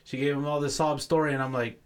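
A man co-hosting a podcast, animated, swearing and acting out conversations. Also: a little high, fast talker, clear, resonant tone. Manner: animated, swears, acts out dialogue. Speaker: podcast co-host. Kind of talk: casual chat.

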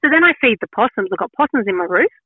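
An Australian woman telling a lively story in casual chat, acting out her own quotes. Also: fairly high pitch, very fast, breathy edge, no echo. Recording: tinny phone line.

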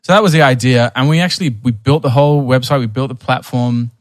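A man's voice: medium pitch, fast, dry recording, studio quality. A young man telling a long personal story in a casual podcast chat, with many restarts and fillers. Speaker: podcast guest.

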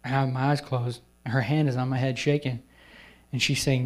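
A man's voice: medium pitch, little pitch movement. Man preaching a personal testimony. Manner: personal testimony, slowing to soft, emphatic phrases; acts out quoted people in whispers and raised voices. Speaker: guest preacher. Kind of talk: sermon storytelling at a retreat.

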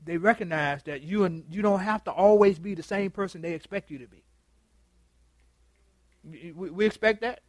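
A pastor with a notably high-pitched man's voice talks to his congregation as much as he preaches at them. He jokes, repeats himself and trips over words. The sound is close and dry. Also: normal speed, pauses often, no echo. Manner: chatty and joking, stammers and repeats words, quizzes the congregation. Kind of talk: conversational sermon with open dialogue. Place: church meeting room.

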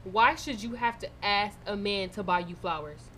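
Young woman podcast host, bright voice, animated and swearing, faint room noise. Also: mid-range voice, normal speed. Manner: animated, swearing, loud in retold moments. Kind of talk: casual storytelling chat.

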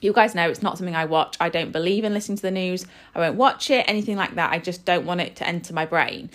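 A woman's voice: fairly low pitch, quick pace, fairly bright tone. A woman, hosting a podcast and talking casually and earnestly, with many "you know" and "like" fillers. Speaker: podcast host.

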